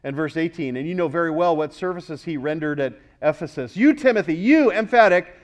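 A man, a pastor, preaching a sermon, rising louder on key words and questioning the congregation. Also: fairly high pitch, brisk.

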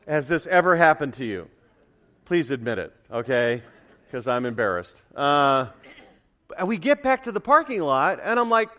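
A middle-aged man preaching a sermon as pastor, emphatic and building to loud repeated declarations. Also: on the high side.

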